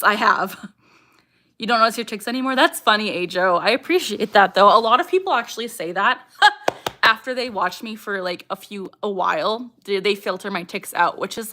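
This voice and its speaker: A woman's voice: medium pitch, sharp tone. A young woman from Canada hosting a casual livestream, chatting with viewers and reading out comments, with vocal tics breaking into her speech. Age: young adult. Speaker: livestream host.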